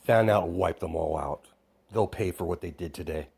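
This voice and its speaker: A man voicing a calm woman who mentors a child, speaking softly and soothingly in a fan-made story. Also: low voice, moderate pace, slightly rough, pitched below the performer's own voice. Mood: commanding.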